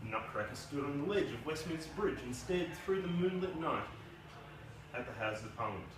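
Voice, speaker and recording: A man's voice: fairly high pitch, lively intonation, a little fast, background noise. A man, a debut novelist, giving a casual, self-deprecating speech and reading from his book at a launch. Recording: echoey room from a distance.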